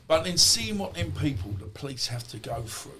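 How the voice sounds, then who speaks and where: A man's voice: a little high, big pitch swings, moderate pace, fairly bright tone, slight background noise. A middle-aged man, a podcast guest, telling stories in a rambling, blunt, colloquial way. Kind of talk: storytelling in conversation.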